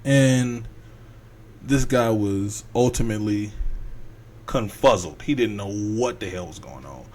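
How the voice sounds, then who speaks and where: A man's voice: lowish voice, darkish tone, a little hiss or hum. A man hosting a podcast, telling a long story in a loose, rambling way and acting out the characters' lines. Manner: rambling, acts out characters' lines in quick voices. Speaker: podcast host. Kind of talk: casual storytelling.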